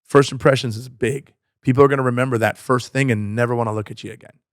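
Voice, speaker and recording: A man's voice: mid-range voice, steady tone, fast talker, no room sound. Guy comic rambling on a podcast, keeps restarting, dry mic. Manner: rambling, restarts often, mimics other comics. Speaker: stand-up comic and podcast co-host. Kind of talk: casual podcast chat.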